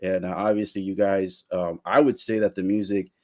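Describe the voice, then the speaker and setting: A man's voice: deep voice, flat delivery, normal speed, warm tone. A man hosting a podcast interview, encouraging his guests with lots of agreeing sounds and laughter. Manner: encouraging, frequent backchannel and laughter. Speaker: podcast host. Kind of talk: casual interview.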